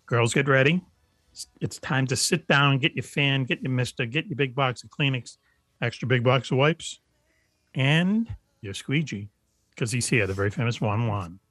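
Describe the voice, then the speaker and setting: A man's voice: medium pitch, moderate pace, a bit bright, dry recording. Man, radio host, playful teasing intros, mid-range voice, dry sound. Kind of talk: casual comedic banter. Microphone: video call.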